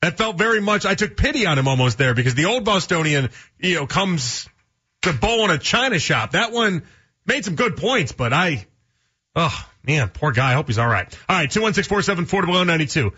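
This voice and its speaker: A man's voice: on the high side, very animated, fairly quick, sharp tone, slightly rough. A man hosting a sports talk radio show, rambling through folksy analogies and chatting with callers. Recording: dull lo-fi radio broadcast sound.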